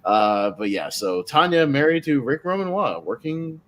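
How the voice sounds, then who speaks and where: A man's voice: mid-range voice, normal speed. A man hosting a casual wrestling podcast, telling stories with frequent laughter. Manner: laughs often, animated storytelling. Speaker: podcast host. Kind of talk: casual chat.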